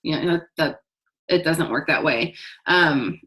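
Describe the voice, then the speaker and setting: Bright-voiced frank young woman. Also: deep voice, a little slow, rough recording. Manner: frank, plain-spoken, many fillers and restarts. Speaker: direct-sales business vlogger. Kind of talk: casual advice talk to camera.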